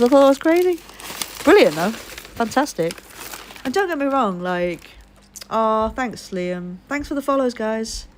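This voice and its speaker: A woman from Liverpool live streaming, telling a rambling story in casual chat, swearing freely and breaking off to thank followers. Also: mid-range voice. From Liverpool, England.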